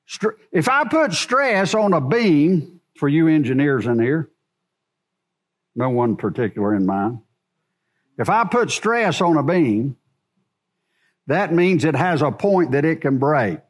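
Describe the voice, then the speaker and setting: A man's voice: fairly high pitch, sing-song, takes it slowly, long pauses. A man preaching a sermon to a congregation in a church, asking rhetorical questions as he goes. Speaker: pastor.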